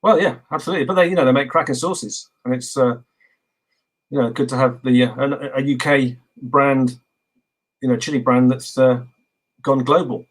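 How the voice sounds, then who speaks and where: A man from England as a guest in a casual video interview, relaxed and rambling with many fillers. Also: mid-range voice, moderate pace, slightly rough, poor audio.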